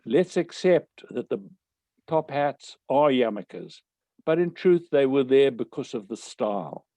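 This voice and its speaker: An older man, telling anecdotes from his life in a wry, animated way. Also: mid-range voice, measured pace, no echo. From South Africa. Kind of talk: storytelling talk.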